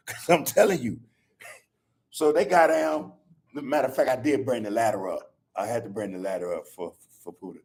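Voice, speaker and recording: An older man hosts a podcast in a gravelly, husky voice. He tells loose, profane stories about his family and breaks into laughter again and again. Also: mid-range voice, steady tone, fairly quick, darkish tone. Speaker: podcast host. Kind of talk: casual storytelling chat.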